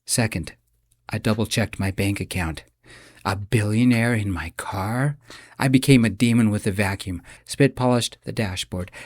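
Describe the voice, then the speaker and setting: A man reading his own first-person romance audiobook, expressive and dramatic. His voice is low and gravelly, recorded dry and close with no room sound. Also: no room sound. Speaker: audiobook narrator and author.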